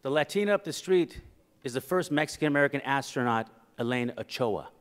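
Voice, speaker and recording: A man's voice: mid-range voice, brisk. Middle-aged man telling stories on stage in a reverberant hall. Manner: animated, acts out quoted voices for laughs. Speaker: keynote speaker. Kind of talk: humorous storytelling speech. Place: conference hall.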